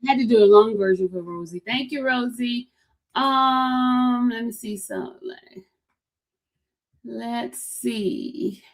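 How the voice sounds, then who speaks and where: A woman hosts a relaxed livestream, her voice sitting a little high. She chats directly with her viewers, greets them by name and circles back over the same lines again and again. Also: slow pace. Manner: chatty, repeats herself, calls out to viewers by name. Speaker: livestream host. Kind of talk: casual livestream chat. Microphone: streaming setup.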